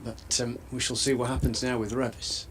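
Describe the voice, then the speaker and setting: A man giving thoughtful, measured live cricket analysis as co-commentator. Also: mid-range voice, flat delivery, fairly bright tone, slight background noise.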